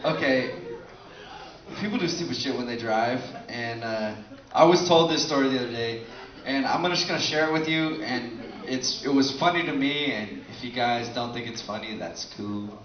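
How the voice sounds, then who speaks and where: Captured from a distant mic in an echoey bar room, the sound is dull and full of audience laughter. A stand-up comedian there delivers a loose, profane set, chatting with the crowd and laughing often. He talks at normal speed in a medium-pitched voice.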